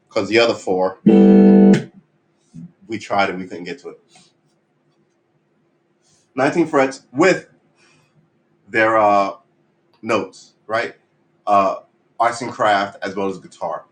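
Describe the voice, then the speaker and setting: A man's voice: lowish voice, takes it slowly, long pauses, fairly bright tone, poor audio. A man live-streaming his guitar practice, chatting in a rambling, jokey, self-mocking way. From United States. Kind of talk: casual live-stream chat.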